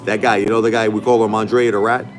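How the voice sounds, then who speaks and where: A man's voice: on the low side, little pitch movement, fast. A middle-aged man hosting a casual livestream, talking back to his chat in an emphatic, repetitive way. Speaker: livestream host.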